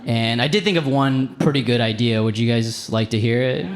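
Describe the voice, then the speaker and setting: A man performing a stand-up comedy set on stage, animated and slipping into high put-on voices for the people in his stories. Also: moderate pace. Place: comedy club stage with a live audience. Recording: live venue with crowd noise. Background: audience laughter.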